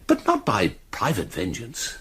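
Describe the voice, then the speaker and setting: Gravelly, hot-headed old police chief for radio drama, husky, wildly swinging delivery. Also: male voice, lowish voice, wildly swooping pitch, a little slow, full character voice. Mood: irate. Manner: blustering, bullying, swings to shouting. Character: blustering older male chief constable, hot-tempered. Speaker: chief constable.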